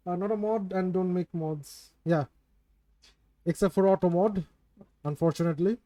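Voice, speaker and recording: A man's voice: high voice, normal speed, warm tone, no echo. A man casually chatting with viewers on his game stream, rambling and self-mocking, swearing when something goes wrong. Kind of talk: casual live-stream chat with viewers while gaming.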